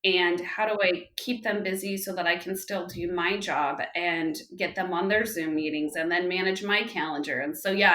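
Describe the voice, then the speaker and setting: A woman in her thirties, a podcast guest, talking casually and telling animated stories about home life. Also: mid-range voice. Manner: animated storytelling, with lively quoted dialogue. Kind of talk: casual conversational interview. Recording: roomy echo.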